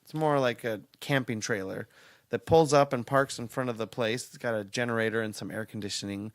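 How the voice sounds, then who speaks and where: A man's voice: mid-range voice, brisk, no room sound. Wry rambling man on a podcast. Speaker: podcast co-host. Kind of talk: casual podcast chat.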